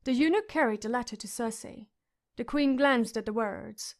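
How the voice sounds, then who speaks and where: A woman's voice: on the high side, normal speed. A woman reading a fantasy audiobook with dramatic narration.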